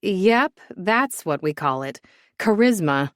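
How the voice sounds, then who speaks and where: A woman doing a dry, brisk mom. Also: a little high, lively intonation, no room sound, pitched above the performer's own voice. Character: dry-witted, busy mother figure.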